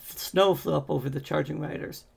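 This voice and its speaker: A man reading a fantasy novel aloud in a steady way, with occasional slips and restarts. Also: a little high, normal speed, gravelly, husky. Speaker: audiobook reader.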